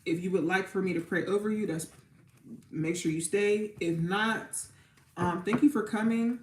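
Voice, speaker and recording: A woman tarot reader with a mid-range voice hosts a casual livestream, speaking at a moderate pace over heavy background noise in a roomy, echoing space. Warm and chatty, she repeats herself and is near tears at times before leading her community in a spoken prayer.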